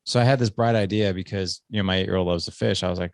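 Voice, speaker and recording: A man's voice: low voice, racing, gravelly, hardly any pauses, darkish tone, no room sound, clean studio sound. A middle-aged man hosting a podcast, telling a long story in a rambling, self-deprecating way. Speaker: podcast host. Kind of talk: casual podcast conversation.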